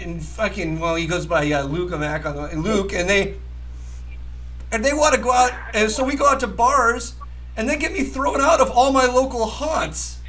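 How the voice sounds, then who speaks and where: Male poker host, high sharp voice, casual, profane, rambling. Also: slight background noise, rough recording. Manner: profane, rambling, laughs often; emphatic, argumentative. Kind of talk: casual chat.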